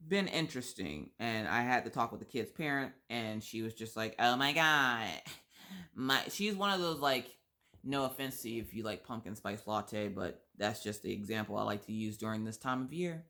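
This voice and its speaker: A young adult woman telling a story in a casual chat while crocheting, blunt and sassy, acting out quotes with big pitch swings. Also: animated, normal speed, fairly bright tone. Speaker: vlogger.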